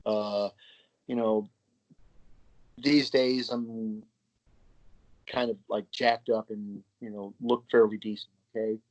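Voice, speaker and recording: A man's voice: fairly low pitch, flat delivery, takes it slowly, long pauses, darkish tone, dry recording. A man telling stories frankly and chattily in a casual podcast interview, swearing freely. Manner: frank, profane, chatty, often acting out quoted voices. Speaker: podcast guest. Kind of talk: casual storytelling conversation. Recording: slightly muffled, dry podcast audio.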